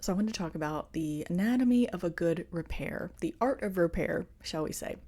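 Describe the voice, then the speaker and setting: Woman podcast host, earnest and confiding, warm mellow voice, talks like she's coaching a friend. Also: on the low side, animated, fairly quick, slightly rough. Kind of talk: reflective solo podcast talk.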